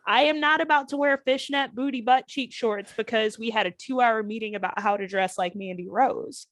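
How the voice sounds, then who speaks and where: A woman's voice: a little high, normal speed, no echo. Candid woman telling a painful story. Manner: emotional, candid, quotes others in lively voices. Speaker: guest, former pro wrestler.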